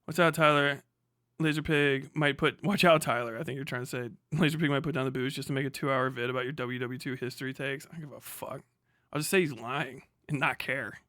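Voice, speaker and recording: An American man streams live, giving casual commentary that rambles, swears, and breaks into frequent laughter. His mid-range voice is steady, fairly bright, and a little fast, captured in studio quality with no room sound.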